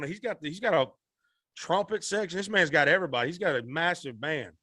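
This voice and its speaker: Animated storytelling man, slightly high voice. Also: brisk, no room sound. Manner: animated, acts out quoted voices. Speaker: singer guest. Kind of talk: storytelling in a podcast interview.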